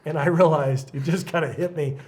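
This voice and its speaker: A middle-aged man, a youth pastor, telling stories in a casual podcast chat, lively and laughing often. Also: a little high, fairly quick. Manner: animated storyteller, laughs often.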